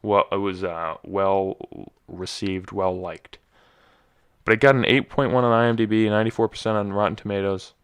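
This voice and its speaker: A man's voice: lowish voice, steady tone, normal speed, clean tone. A young man hosting a casual solo podcast, rambling and joking, often stumbling and correcting himself. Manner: rambling, self-correcting, jokey. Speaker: podcast host.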